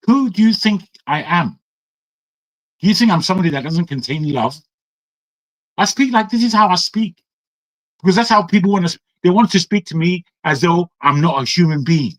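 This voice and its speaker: A man from England speaking in an online discussion, defiant and forceful, firing heated rhetorical questions. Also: high voice, no echo, poor audio. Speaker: audience speaker. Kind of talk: impassioned talk on an online call.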